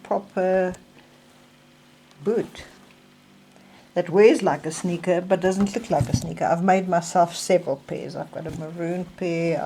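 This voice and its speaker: A woman's voice: fairly low pitch, dark tone, a little hiss or hum. An older South African woman with a South African accent, showing and explaining her hip surgery recovery tips in a casual, chatty way. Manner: slow, chatty, demonstrating objects. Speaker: vlogger sharing recovery tips. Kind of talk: casual show-and-tell.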